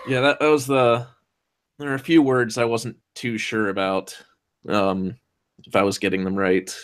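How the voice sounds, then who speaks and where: A man's voice: mid-range voice, level tone, normal speed, clean tone. A man chatting casually on a stream, hesitant and full of restarts. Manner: hesitant, many ums and restarts. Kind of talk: casual chat.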